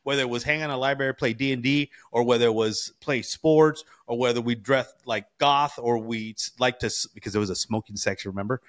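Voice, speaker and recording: A man in his forties from California, chatting on a podcast with a middle-range voice. He spins loose, animated stories and keeps dropping slangy asides to his co-host. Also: mid-range voice, a little fast, hardly any pauses. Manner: animated storyteller, slangy with bro and you know. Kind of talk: casual chat.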